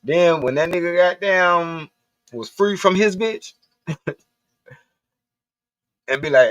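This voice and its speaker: A man's voice: a little high, a little slow, pauses often, fairly bright tone, dry recording. A man from the Southern US giving a profane, blunt, rambling rant on a livestream. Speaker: livestream host. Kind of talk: casual ranting monologue.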